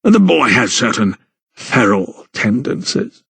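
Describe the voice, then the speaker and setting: A cold, scheming gentleman lawyer from a historical audiobook, drawling out each word with contempt, as a male narrator puts him on. The voice stays dry and close. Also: mid-range voice, creaky, husky, dry recording, heavily acted. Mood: disdainful. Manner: slow, disdainful, clipped.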